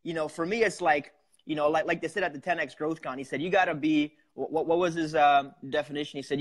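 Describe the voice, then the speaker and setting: A man talking in a casual interview, energetic and upbeat, with a raised excited tone. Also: a little high, fast. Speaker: wholesaler and coaching student.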